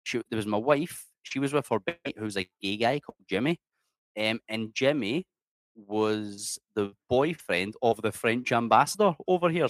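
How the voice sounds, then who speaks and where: A middle-aged man with a Scottish accent and a mid-range voice is the guest in a casual interview, telling chatty stories. He swears freely and uses "mate" constantly. There's no room sound.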